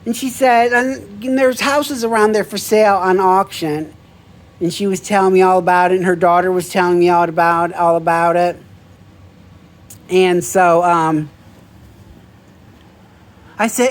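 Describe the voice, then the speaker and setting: High-voiced, chatty man telling a story. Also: a little slow, pauses often. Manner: chatty, excitable, animated, laughs easily. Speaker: vlogger. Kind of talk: casual storytelling to camera.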